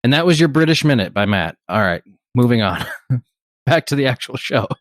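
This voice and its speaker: A man's voice: medium pitch, lively intonation, a little fast, no echo, clean studio sound. A man co-hosting a casual podcast, telling stories in a rambling way, laughing often and swearing casually. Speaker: podcast co-host.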